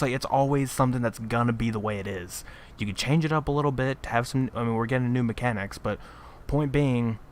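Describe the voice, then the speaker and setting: A man's voice: mid-range voice, slight background noise. A man chatting casually on a gaming podcast, blunt and opinionated, laughing at his own points. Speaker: podcast co-host. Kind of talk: casual chat.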